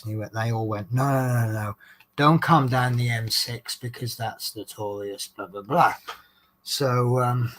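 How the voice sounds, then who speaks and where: A man's voice: mid-range voice, noisy background. A man, a bus driver, chatting casually to a live stream chat about his shifts, rambling and reading chat names aloud. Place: indoors at home, crafting in the dark.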